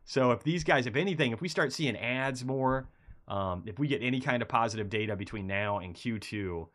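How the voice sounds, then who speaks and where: A man's voice: medium pitch, fairly quick. A man hosting a casual market commentary stream, talking through charts in a rambling, conversational way while feeling a bit unwell. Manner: conversational, rambling, animated bursts of excitement. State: feeling unwell, low energy.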